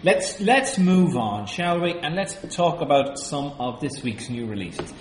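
A man's voice: fairly high pitch, big pitch swings, measured pace, echoey room, a little hiss or hum. A man hosting a film podcast, talking with dry, sardonic remarks. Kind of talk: casual film chat.

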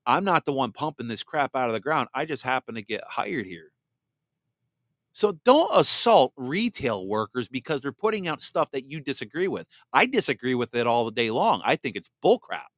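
A man hosting a political commentary podcast, blunt and sarcastic, reading viewer comments aloud and sometimes mocking others in a shrill put-on voice. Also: very animated, moderate pace, fairly bright tone, no room sound, studio quality. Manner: blunt and sarcastic, mocks voices in exaggerated falsetto. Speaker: podcast host.

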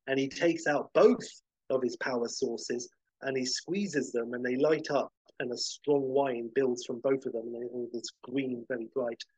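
A man hosting a podcast, casually rambling through a film pitch scene by scene with lots of fillers. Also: a little mellow, husky, no room sound, highs cut off. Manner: rambling, many fillers and restarts, vivid scene-by-scene description.

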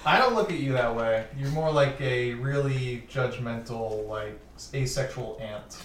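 A man's voice: medium pitch, measured pace. A man banters as a player in a tabletop game, rambling and restarting as he jokes. He sits back from the mic, and the room rings with echo. There is faint background noise. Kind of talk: casual tabletop play. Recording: echoey room, slightly distant mic.

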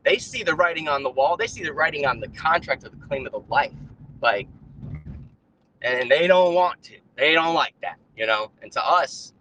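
Rambling man on a remote call, bright tone, slight hiss behind. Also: on the high side, normal speed, low-quality recording. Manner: rambling, animated, many fillers and restarts; puts on mocking voices when quoting. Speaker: guest on a live stream. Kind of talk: casual chat, ranting. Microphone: own mic on a remote call.

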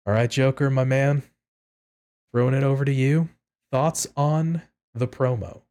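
A man's voice: mid-range voice, steady tone, a little slow, warm tone. Easygoing male podcast host. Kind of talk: casual chat.

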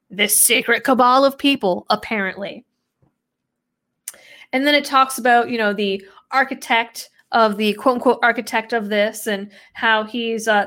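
A political commentator with a New England background delivers solo commentary, reading article quotes aloud with sarcastic, skeptical asides. Her voice is a little high and fairly bright.

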